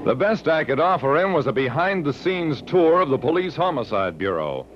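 A man's voice: a little high, normal speed. An actor playing a wry private detective who narrates his own case, in 1940s radio acting. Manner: dry, wry narration with lively delivery. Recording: dull vintage radio recording with faint hiss.

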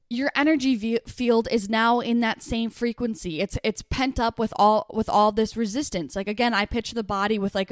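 Young woman hosting a self-help podcast, smooth clear voice, lots of "like", dry close sound. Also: medium pitch, no echo. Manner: chatty, many "like" fillers and restarts. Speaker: podcast host. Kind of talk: casual self-help monologue.

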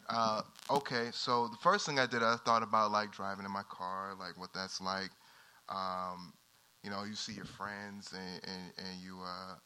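A man's voice: on the low side, sharp tone, poor audio. A man from the audience telling a story on stage, hesitant and self-deprecating, often trailing off. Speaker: audience member.

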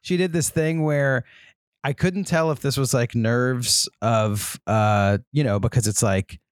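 A man's voice: medium pitch, measured pace, clear, resonant tone, no room sound, studio quality. A man co-hosting a podcast, telling a long story in a casual, rambling way full of ums. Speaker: podcast co-host. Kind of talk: casual chat.

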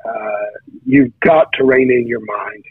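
A man's voice: mid-range voice, sing-song, slow pace, creaky, husky, no echo. Preacher telling his story over a tinny phone line. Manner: storytelling, many restarts and stammered repeats. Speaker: preacher guest. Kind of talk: casual testimony on a talk show.

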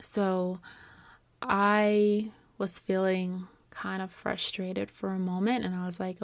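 A woman's voice: mid-range voice, slow, gravelly, no echo. Young woman telling her own story. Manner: animated, acts out her own past reactions. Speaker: video producer. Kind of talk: personal storytelling to camera.

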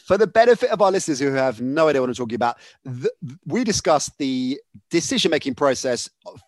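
A man's voice: mid-range voice, big pitch swings, quick pace, no echo. A man hosting a casual podcast, chatty and often laughing. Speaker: podcast host.

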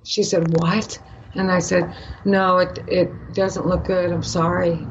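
A woman's voice: fairly low pitch, flat delivery, a little slow, lo-fi sound, slight background noise. Older Canadian woman telling a story. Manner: storytelling, acting out quoted voices. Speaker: actress guest. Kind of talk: animated anecdote in a podcast interview.

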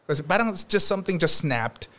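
Brief: Filipino man, slightly high voice, relaxed guest chat, playful accent mimicry. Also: fast. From Philippines. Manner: mixes English and Tagalog, mimics accents in anecdotes. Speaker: actor guest. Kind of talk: casual interview chat.

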